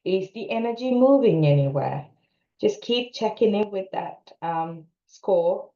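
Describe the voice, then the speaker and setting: Woman coach talking folks through eft tapping, calm and repetitive, kinda echoey dull recording. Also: medium pitch, unhurried. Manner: calm instructive guidance, repeating tapping phrases. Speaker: co-parenting coach. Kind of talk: guided EFT tapping session. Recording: roomy, dull lo-fi sound.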